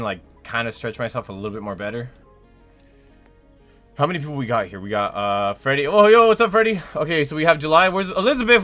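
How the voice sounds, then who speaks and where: A young man streaming a game in casual chat, swearing often, reading chat aloud and yelling at teammates while sore from a hurt leg. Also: mid-range voice. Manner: profane, chatty, reads chat aloud and shouts at teammates.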